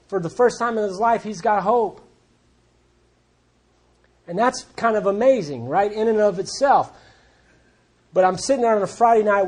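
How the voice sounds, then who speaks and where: A man's voice: sits high, darkish tone. A man speaking at a recovery group meeting, telling his story in a blunt, plainspoken way with wry humor. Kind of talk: personal testimony talk.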